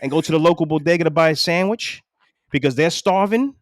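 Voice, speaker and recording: A man's voice: on the high side, a little fast, no room sound, clean studio sound. A New man in his forties ranting profanely and with exasperation as a podcast co-host. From New York City. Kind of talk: casual chat.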